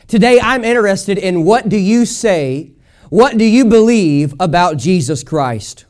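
A man with a notably high voice preaching a sermon at a church service. He hammers points home through rhythmic repetition and asks the congregation to speak with him. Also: normal speed, darkish tone. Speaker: pastor.

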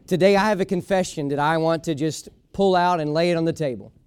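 A man's voice: a little high, fast, music in the background. A man preaching a sermon as a pastor, emphatic and folksy, repeating his key lines for weight.

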